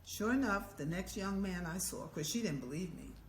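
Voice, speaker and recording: An older woman telling a story as an elder, lively and acting out the voices and chants of the people in it. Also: lowish voice, normal speed, slight background noise. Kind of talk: oral storytelling. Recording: echoey room with faint ambience.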